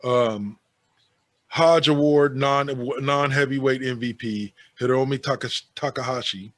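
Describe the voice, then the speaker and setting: A man's voice: medium pitch, measured pace, fairly bright tone, no room sound. A man co-hosting a casual podcast, reading out a list of awards and adding sarcastic, offhand asides. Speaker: podcast co-host.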